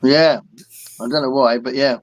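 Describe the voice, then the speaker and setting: A man's voice: mid-range voice, steady tone, normal speed, no echo. An English man hosting a casual podcast chat, reading out viewer comments with frequent ums and laughs. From England. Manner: chatty, laughs often, many ums. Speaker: podcast host.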